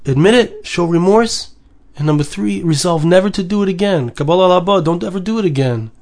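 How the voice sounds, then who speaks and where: A man with a high, light voice delivers a Torah lesson as a sermon. He speaks earnestly, repeats himself for emphasis and drops Hebrew terms into his English. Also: animated, brisk, darkish tone.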